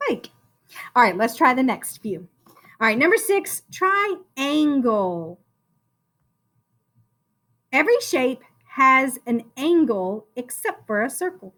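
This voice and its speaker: A first-grade teacher runs a phonics lesson for young children, slowly stretching out every sound as she spells words aloud. Her bright, fairly high voice swoops up and down in an encouraging, sing-song way.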